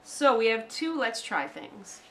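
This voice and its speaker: A woman from the United States co-hosting a casual chat, playful and chatty and quick to laugh. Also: a little high, sing-song, noisy background. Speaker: co-host.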